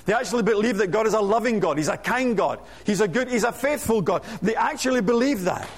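High-pitched male preacher, energetic, asks rhetorical questions, jokes in his asides. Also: quick pace. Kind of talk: sermon.

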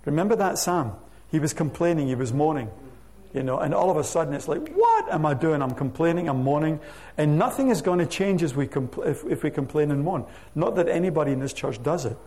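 A man preaching a sermon to his church, reading scripture aloud with slow, emphatic stress. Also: fairly high pitch, lively intonation, a little mellow. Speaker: pastor. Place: church sanctuary.

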